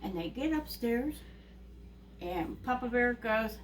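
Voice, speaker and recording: A woman telling a fairy tale to young children, animated and asking them questions along the way. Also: fairly high pitch, takes it slowly, long pauses, a little hiss or hum. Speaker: children's storyteller. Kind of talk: reading a story to young children. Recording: distant mic with faint ambience.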